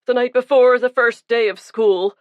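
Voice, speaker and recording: A woman's voice: fairly high pitch, fairly even intonation, normal speed, no room sound, lo-fi sound, voice pushed up, natural voice. A woman reading the part of a guilt-ridden, burly male pastor who confesses earnestly and pleads for himself. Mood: pleading.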